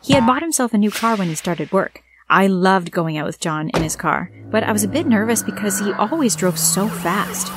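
A woman narrating a scripted first-person story with a plain, steady reading. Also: mid-range voice, moderate pace, few pauses, background noise.

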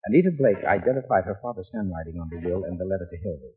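An actor playing a shrewd, calm lawyer probing a suspect in a 1940s radio drama, measured and probing. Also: male voice, sits low, husky. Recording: tinny old radio broadcast.

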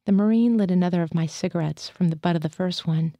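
A woman reading a first-person literary short story aloud in a steady, measured way. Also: fairly low pitch, no room sound, muffled recording. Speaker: reader.

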